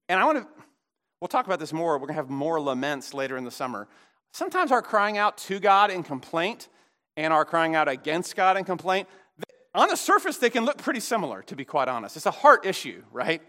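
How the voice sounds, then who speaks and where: A middle-aged pastor preaches with real animation, his high, bright voice leaping up and down as he acts out quoted complaints and prayers. His delivery is emphatic and conversational. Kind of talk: sermon.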